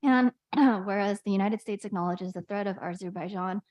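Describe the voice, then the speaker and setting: A woman trustee reading a resolution aloud at a board meeting, stumbling over words and clearing her throat often. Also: mid-range voice, fairly quick, darkish tone, rough recording.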